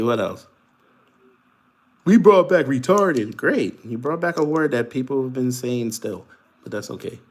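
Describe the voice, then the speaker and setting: A man hosting a livestream, giving casual political commentary and mocking commenters in a vernacular American accent. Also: medium pitch. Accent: African American Vernacular English. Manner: mocking, trash-talking commenters, laughing. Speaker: livestream host.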